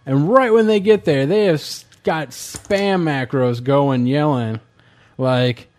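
A man's voice: a little high, takes it slowly, a little mellow. A man co-hosting a casual podcast, reading listener emails and telling a rambling story full of fillers. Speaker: podcast host.

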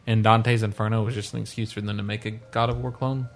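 A man's voice: on the low side, little pitch movement, fast. A man co-hosting a casual chat, who talks loosely and laughs easily.

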